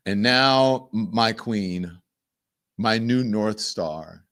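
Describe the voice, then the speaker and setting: A man's voice: fairly low pitch, extremely slow, a bit bright. A man hosting a live commentary show, speaking with emphatic enthusiasm. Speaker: host.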